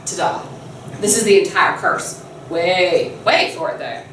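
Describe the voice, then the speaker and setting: A woman teacher telling a myth to her class in a chatty, animated storytelling lesson, often laughing. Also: lowish voice, unhurried, slight background noise. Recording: echoey room, mic far off.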